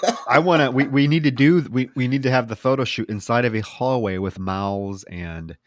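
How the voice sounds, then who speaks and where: A man co-hosting a podcast, retelling a film plot in an animated, profane way with laughter. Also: mid-range voice, moderate pace, no echo, studio quality. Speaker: podcast co-host. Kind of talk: casual film discussion.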